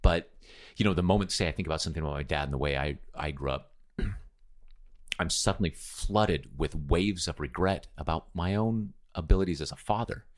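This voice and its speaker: A man's voice: a bass voice, fairly quick. A middle-aged man talking thoughtfully on a podcast, often hesitating and restarting his sentences. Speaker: podcast host. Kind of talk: casual conversation.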